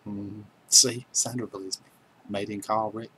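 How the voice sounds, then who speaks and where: Man, livestream host, casual joking chat, lowish pitch, faint background noise. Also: little pitch movement, moderate pace, sharp tone, poor audio. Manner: chatty, joking, reads viewer names aloud. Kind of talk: casual chat with live viewers.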